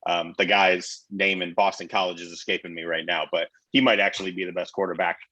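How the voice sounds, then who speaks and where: Low-voiced man on a dull lo-fi line. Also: flat delivery, brisk, bright, forceful tone, dry recording. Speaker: sports radio co-host. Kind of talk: casual sports talk. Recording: dull lo-fi sound.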